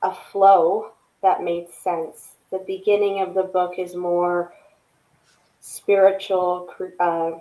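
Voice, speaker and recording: A woman's voice: fairly low pitch, little pitch movement, slow pace, warm tone, poor audio. A woman guest on a podcast interview, an author speaking earnestly and reflectively, often ending points with "right?". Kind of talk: casual interview chat.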